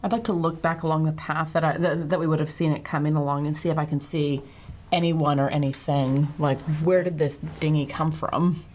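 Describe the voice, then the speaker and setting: A woman's voice: sits low, steady tone, brisk, hardly any pauses, a little mellow. A woman playing a tabletop game, moving between urgent in-character lines and plain talk. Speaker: player.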